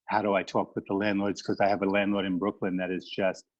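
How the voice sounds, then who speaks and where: A middle-aged man, a business owner, asking a question on a webinar in a halting, earnest, emotional way with many fillers. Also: deep voice, level tone. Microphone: video call. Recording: muffled lo-fi video call audio.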